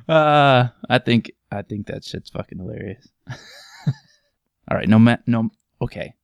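A man's voice: mid-range voice, slow pace, vocal fry, long pauses, smooth, dry recording. A man hosting a podcast, telling goofy stories in a casual comedic monologue and laughing often at his own jokes. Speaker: podcast host.

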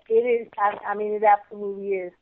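A woman speaking on a discussion show, emphatic and preachy, often dropping to a softer voice. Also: medium pitch, flat delivery, a little fast, no room sound. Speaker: guest. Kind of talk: casual discussion. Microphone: phone call. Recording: tinny phone line.

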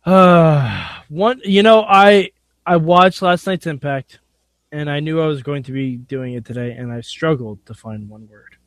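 A man co-hosting a wrestling podcast, excitable and goofy, laughing often. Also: on the high side, unhurried, no room sound. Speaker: podcast co-host. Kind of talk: casual podcast chat.

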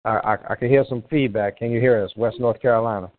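A man's voice: medium pitch, fairly even intonation, fast talker, no room sound. A man hosting a live call-in show in a casual, rambling way, often restarting as he tries to reach callers. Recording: tinny phone-line sound, dry.

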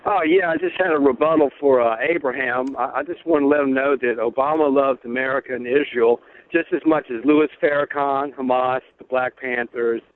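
A man's voice: mid-range voice, steady tone, a little fast. A male caller on a talk radio show, sarcastic and pointed. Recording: tinny phone line.

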